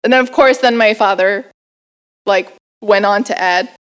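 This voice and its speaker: A woman telling a personal story in an interview, animated, laughing often and using lots of fillers. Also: mid-range voice, moderate pace, clear, resonant tone. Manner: acts out family members' voices. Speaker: guest performer.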